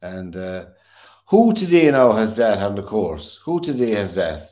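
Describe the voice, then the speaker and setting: Low-voiced hesitant man. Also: sing-song, a little slow, a little mellow. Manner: hesitant, repeats words while searching. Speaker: studio panelist. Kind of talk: casual sports chat.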